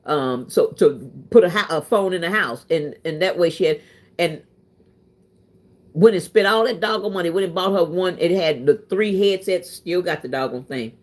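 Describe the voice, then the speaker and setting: Animated woman telling stories. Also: fairly low pitch, moderate pace. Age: 30s. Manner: animated, emphatic, swings into quoted voices. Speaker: vlogger. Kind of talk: casual storytelling chat.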